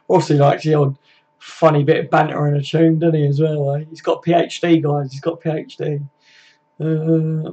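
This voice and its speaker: Bloke reading chat on a live stream, bit high, flat delivery, calls everyone mate. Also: male voice, vocal fry, husky. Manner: laddish, swears, calls viewers mate. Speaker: football fan live-stream host. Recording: dull lo-fi stream audio.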